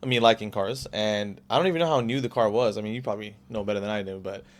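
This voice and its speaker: Brief: young man in his 20s, fast-talking podcast guest, rambling and restarting, plain casual delivery. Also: fairly low pitch. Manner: rapid, rambling, full of "like" and restarts. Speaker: podcast guest, car salesman. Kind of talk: casual storytelling.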